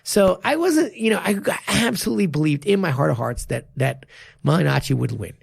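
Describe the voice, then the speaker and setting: Gravelly, animated coach swearing freely. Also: male voice, fairly high pitch, brisk, no echo, clean studio sound. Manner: animated, emphatic, profane. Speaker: martial arts coach and podcast co-host. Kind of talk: casual podcast chat.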